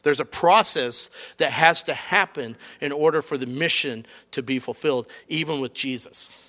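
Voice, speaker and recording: A middle-aged man preaching a sermon in a conversational, animated way, acting out quoted lines. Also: a little high, normal speed. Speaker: pastor.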